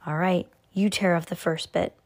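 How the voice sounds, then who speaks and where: A woman reading the part of a polite, hopeful young boy in a soft, gentle voice. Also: fairly low pitch, steady tone, moderate pace, natural voice.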